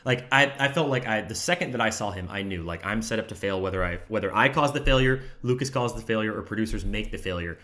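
A man telling stories in a casual chat, talking quickly and animatedly with many filler words. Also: on the low side. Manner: fast, animated, lots of "like" fillers. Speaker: podcast guest, former reality TV contestant. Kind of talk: casual conversational storytelling.

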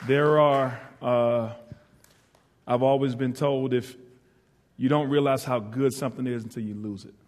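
A middle-aged man delivers a sermon from the pulpit as a guest preacher. He speaks earnestly and warmly about gratitude, with a voice of ordinary pitch. Now and then he turns to the congregation with a playful aside. His voice rings through a church sanctuary with a long reverb tail. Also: steady tone, measured pace, a faint crowd. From northeastern North Carolina. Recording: hall reverb.

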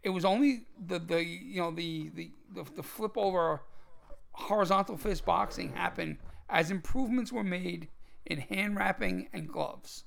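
Male podcast co-host, high and very gravelly voice, emphatic and instructive, casual chat. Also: unhurried, a bit bright. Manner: emphatic, repeats words, instructive. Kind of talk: casual martial arts chat.

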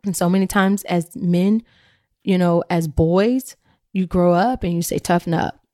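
A woman's voice: fairly low pitch, fairly even intonation, a little slow, dark tone, no echo, studio quality. A woman hosting a faith-based podcast, talking earnestly and reflectively straight to her listeners. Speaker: podcast host.

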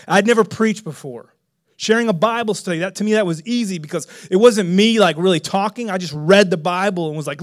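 Animated high-voiced male preacher. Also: brisk. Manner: animated, bursts into loud excited exclamations. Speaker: pastor. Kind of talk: sermon storytelling.

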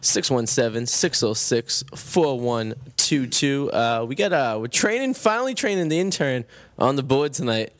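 A man's voice: mid-range voice, sing-song, normal speed, dry recording. A man with a Boston accent hosting a casual radio talk show, joking and swearing, full of "uh" fillers. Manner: loose, swearing, stumbling with fillers. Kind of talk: casual studio banter. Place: radio studio.

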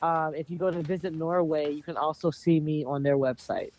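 Guest on a casual podcast, jokey and self-mocking, mid-pitched talk. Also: steady tone, a little fast, darkish tone.

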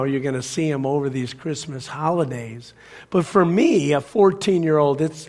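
A middle-aged man preaching a sermon as pastor, swinging from loud emphasis down to hushed, almost whispered lines. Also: mid-range voice.

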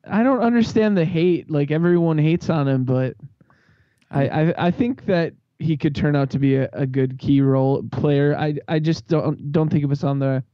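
A man's voice: on the high side, normal speed, no echo, highs cut off. A man with a Minnesota accent, a podcast guest chatting casually and laughing easily. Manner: laughs easily, stammers with restarts. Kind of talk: casual chat.

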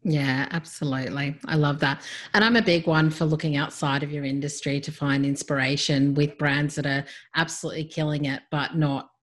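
A woman's voice: low voice, steady tone, a little fast. A woman co-hosting a business podcast, speaking in an earnest, encouraging way. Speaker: podcast co-host, business owner. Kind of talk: casual business chat.

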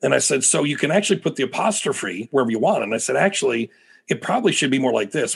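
A man's voice: medium pitch, animated, quick pace, gravelly, breathy edge. A middle-aged American man, a preacher and guest, telling stories animatedly in a podcast interview with frequent restarts. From United States.

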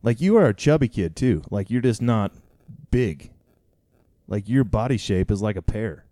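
Deep-voiced, mellow young man joking around. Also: expressive, normal speed, dry recording, studio quality. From Idaho. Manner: joking, teasing. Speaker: podcast co-host, rodeo announcer. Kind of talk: casual podcast banter. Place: home basement.

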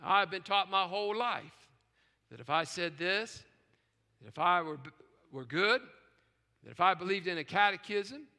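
High, bright-voiced preaching man. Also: animated, unhurried, long pauses, big-room sound. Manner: preaching with dramatic swings from hushed to shouting. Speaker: pastor. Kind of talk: sermon. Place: large church sanctuary with choir and orchestra. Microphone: live stream.

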